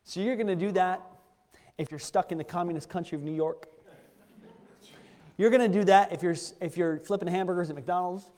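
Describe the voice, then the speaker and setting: A man quoting God's voice in a sermon, as a stern, fatherly male voice with a firm, lightly lowered delivery. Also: brisk, pauses often, darkish tone, natural voice. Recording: echoey church hall.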